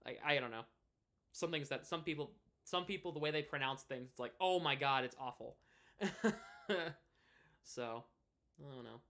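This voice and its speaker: This time his pitch sits in the middle, and he speaks unhurriedly with vocal fry, frequent pauses and a sharp tone. He's the twenty-year-old New England streamer and hockey podcaster, chatting loosely on a live stream with lots of restarts and filler words.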